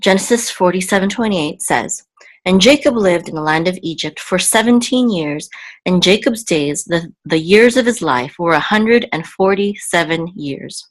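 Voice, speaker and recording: A woman teaching a reading lesson, patient and careful, often pausing with ums and repeating syllables. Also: lowish voice, lively intonation. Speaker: Hebrew teacher.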